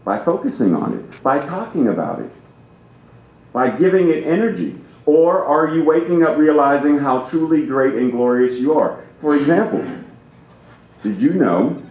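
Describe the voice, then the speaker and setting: A man's voice: on the high side, expressive, moderate pace, darkish tone. A man preaching as a guest minister, talking with theatrical emphasis and playing with how he phrases things. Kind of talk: sermon. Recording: roomy church reverb.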